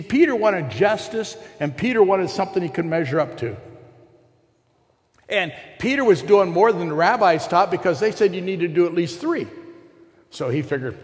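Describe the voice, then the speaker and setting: A man preaching a sermon to a congregation, retelling a parable and putting rhetorical questions to his listeners. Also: sits high. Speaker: pastor. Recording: long hall reverb.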